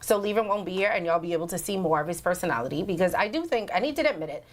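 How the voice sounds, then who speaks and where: A woman hosting a live call-in show, chatty and quick to laugh. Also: on the low side, lively intonation. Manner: chatty, laughs easily, greets callers brightly. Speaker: radio call-in host.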